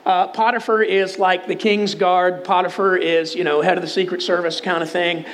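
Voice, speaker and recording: High-voiced Texan man preaching. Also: little pitch movement, normal speed, fairly bright tone. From Texas. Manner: conversational storytelling with humor. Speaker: pastor. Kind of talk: sermon.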